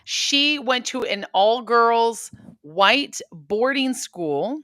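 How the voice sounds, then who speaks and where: A woman guest on a political talk show, blunt and emphatic and quick to poke fun. Her voice sits a little high and sounds very bright. The sound is close and dry, with no room. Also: expressive, dry recording. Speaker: guest commentator.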